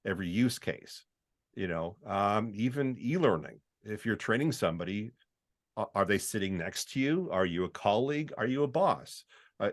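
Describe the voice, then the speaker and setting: A middle-aged man from Canada, a voiceover artist chatting casually as a podcast guest, often acting out the voices he describes. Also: fairly low pitch.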